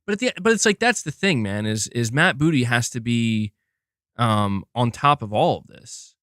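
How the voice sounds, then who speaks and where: A man's voice: mid-range voice, expressive, moderate pace, fairly bright tone, dry recording, studio quality. A man hosting a live gaming stream, talking casually and thinking aloud, with lots of restarts and the odd swear.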